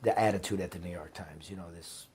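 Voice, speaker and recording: A man's voice: low-pitched, quick pace, darkish tone, breathy edge. A middle-aged man, a former reporter, telling heartfelt stories in a rambling, emphatic way. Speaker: guest, former newspaper reporter. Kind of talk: conversational storytelling.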